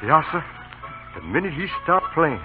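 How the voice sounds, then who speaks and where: An actor playing a calm, faithful older male servant who speaks quietly in dialect. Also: a little high, moderate pace. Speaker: actor in an old film. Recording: tinny old film soundtrack with music.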